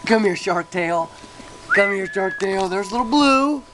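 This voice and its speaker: Woman, puppy owner, sing-song baby talk, unhurried, noisy camera mic. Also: mid-range voice, animated. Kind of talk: home video, calling and cooing to puppies. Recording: noisy home video.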